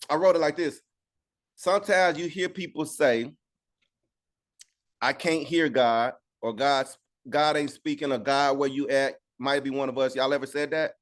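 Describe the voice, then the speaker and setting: A man teaching an informal Bible study on a video call, talking conversationally and asking "right?" again and again. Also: mid-range voice. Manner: conversational, repeats "right?" for agreement.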